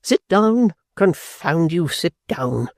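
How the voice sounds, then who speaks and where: A reader voicing a proud, touchy elderly gentleman, pompous and slow, stalling on "ah" between stern phrases in a storybook reading. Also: medium pitch, big pitch swings, dry recording, studio quality. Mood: furious. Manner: pompous, hesitant "ah" fillers, slow stern speech.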